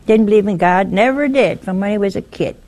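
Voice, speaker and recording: On a broadcast network, a woman gives an informal religious talk, earnestly warning her listeners and retelling a story step by step. She speaks briskly at a medium pitch with a darkish tone.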